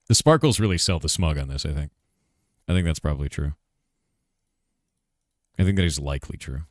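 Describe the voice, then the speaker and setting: A middle-aged man streaming a casual chat about making his game, laid-back and quick to laugh, calling people "dude" and reading chat questions aloud. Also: rumbling low, lively intonation, no echo, clean studio sound. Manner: reads chat questions aloud and answers them.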